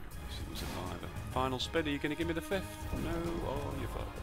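Loud music plays behind a British man whose slightly high, gravelly voice is sing-song and fast. He mocks and swears at his own slot spins, muttering to himself between flare-ups.

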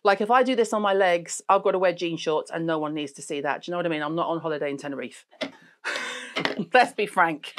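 A middle-aged woman talks through beauty products in a blunt, sweary, joking way. Her voice sits a little low for a woman. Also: a little fast, fairly bright tone. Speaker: beauty show host. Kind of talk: casual chat reviewing products.

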